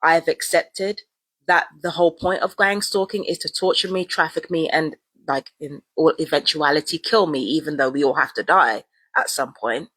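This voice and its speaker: A woman's voice: deep voice, normal speed, a bit bright, husky, dry recording. A woman talking casually and at length in a vlog, often repeating herself and using slang. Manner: rambling and repetitive, casual slang. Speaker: vlogger. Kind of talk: casual monologue to camera.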